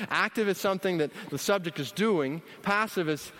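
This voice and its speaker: Man preaching, emphatic, repeats himself, slightly high voice, church sanctuary. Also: a little fast, hardly any pauses. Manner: energetic, emphatic, repeats key phrases. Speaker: pastor. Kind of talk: sermon teaching on Bible study. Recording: long hall reverb.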